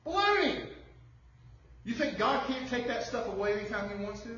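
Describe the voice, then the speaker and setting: A man's voice: high voice, steady tone, quick pace. A man preaching an emphatic sermon as pastor, firing off rhetorical questions to the congregation. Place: church sanctuary. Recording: distant, muffled, very echoey room.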